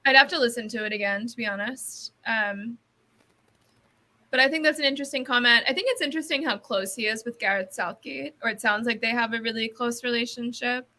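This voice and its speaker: Bright-voiced woman soccer writer. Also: a little high, a little fast. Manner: thoughtful, hedging with fillers, laughs easily. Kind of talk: casual podcast chat.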